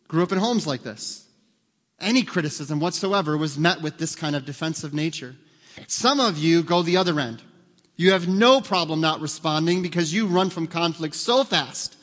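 A man in the pulpit gives a sermon in a conversational way, often asking the congregation questions. His voice sits a little high for a man. His voice carries a long reverb, as in a church sanctuary. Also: expressive, moderate pace, a bit bright. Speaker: pastor.

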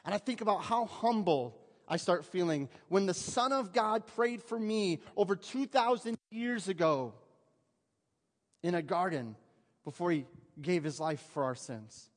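Man, pastor, sermon, high voice, chatty rhetorical questions, church hall reverb. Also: unhurried. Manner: conversational preaching with rhetorical questions to the congregation. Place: church sanctuary.

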